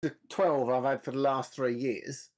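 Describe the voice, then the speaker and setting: A man's voice: mid-range voice, fairly even intonation, a little slow, over a noisy crowd. A man, grumbling bluntly and swearing freely in casual podcast chat. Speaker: podcast co-host.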